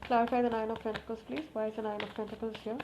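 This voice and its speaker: A woman giving a casual tarot reading to camera, talking to the cards, repeating requests and exclaiming with excitement. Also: a little high, very fast. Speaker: tarot reader. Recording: slightly muffled, faint background noise.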